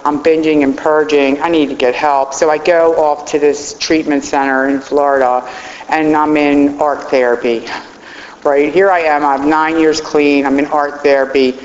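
A woman's voice: low voice, level tone, normal speed, slight background noise. A middle-aged woman telling her own recovery story in a heartfelt, rambling way. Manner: heartfelt, rambling, choked up at times. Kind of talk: personal testimony talk. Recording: roomy hall, dull lo-fi sound.

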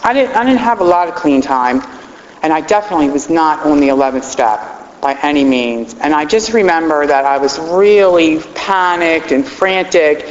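A woman's voice: low voice, expressive, normal speed, slight background noise. A middle-aged woman telling her own recovery story in a heartfelt, rambling way. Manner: heartfelt, rambling, choked up at times. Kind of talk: personal testimony talk. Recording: roomy hall, dull lo-fi sound.

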